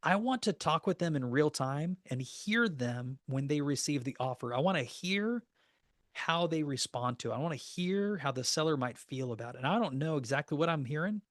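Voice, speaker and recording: A man's voice: on the high side, expressive, moderate pace, dry recording, studio quality. A man teaching agents how to make and negotiate offers, speaking in a practical coaching tone and acting out sample calls. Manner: practical, coaching tone with acted phone scripts. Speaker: real estate trainer. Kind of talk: recorded training class.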